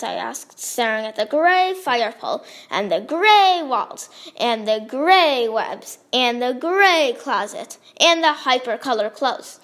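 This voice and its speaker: A woman reading her own story aloud in a lively, expressive way. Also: fairly high pitch, slow pace, few pauses.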